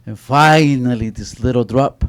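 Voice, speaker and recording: Speaking at a measured pace with a medium-pitched, clear and resonant voice, a middle-aged man shares stories on an author panel. He tells them with energy, restarting many times and repeating "you know."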